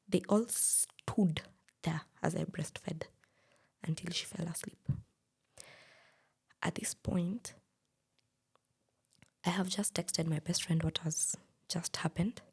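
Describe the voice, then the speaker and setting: Hushed, gravelly Kenyan woman. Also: lowish voice. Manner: hushed, breathy recounting. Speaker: podcast co-host. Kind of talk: personal storytelling.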